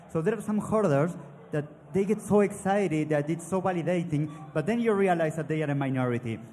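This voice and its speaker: A man's voice: on the high side, a little mellow. Man with a thick Argentine accent. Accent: Argentine Spanish. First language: Spanish. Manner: thoughtful, slightly broken English. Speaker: panel guest. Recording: live hall with long reverb and faint ambience.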